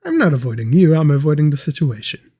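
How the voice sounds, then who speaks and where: A man's voice: a little high, big pitch swings, fast talker, dark tone, slightly rough, heavily acted. A man playing an evasive, secretive male adventurer who gives short replies in a tabletop game.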